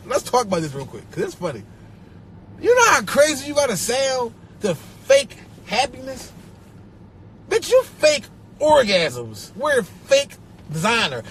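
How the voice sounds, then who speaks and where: A young man with a Philadelphia accent ranting on a live stream, profane and animated, repeating himself and breaking into laughter. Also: very high-pitched, a little hiss or hum. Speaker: social media personality. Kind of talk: rambling live-stream rant. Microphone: phone.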